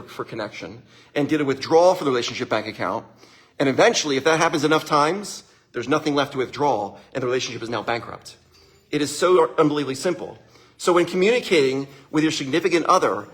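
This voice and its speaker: A motivational speaker with a voice on the high side gives an energetic, conversational talk to a live audience. He often checks in with listeners and acts out the voices of people he quotes.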